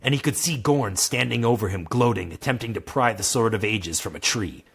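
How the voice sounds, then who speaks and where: A man's voice: on the low side, a little fast, creaky, a bit bright, breathy edge. A man reading his own comedic fantasy story aloud, casual and joking as he narrates. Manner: laughs through his own jokes, casual asides.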